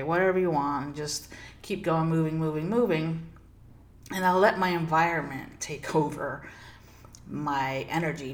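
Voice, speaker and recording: Low-pitched female host, earnest and reflective, for a spiritual self-help monologue. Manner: earnest, reflective, laughs between phrases. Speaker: spiritual coach and podcast host. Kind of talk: personal storytelling monologue.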